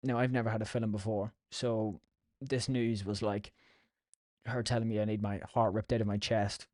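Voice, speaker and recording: A man's voice: lowish voice, little pitch movement, moderate pace, a little mellow, dry recording, studio quality. An Irish man hosting a podcast, telling stories in a casual, rambling, sweary way. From Ireland. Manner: sweary, chatty storytelling. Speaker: podcast host.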